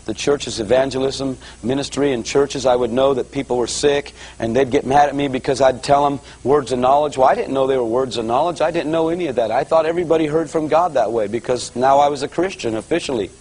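A man's voice: mid-range voice, fast talker, hardly any pauses, a little mellow, husky, rough recording. A middle-aged man preaching, telling his conversion story as a testimony and speaking straight to the folks listening. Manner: storytelling, addresses folks directly. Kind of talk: testimony sermon.

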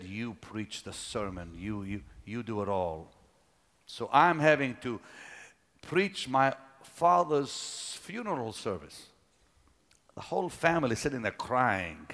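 A middle-aged preacher telling a personal story in a sermon, dropping to a hush and then rising to shouts. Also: male voice, medium pitch. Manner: dramatic, swings from hushed to shouting.

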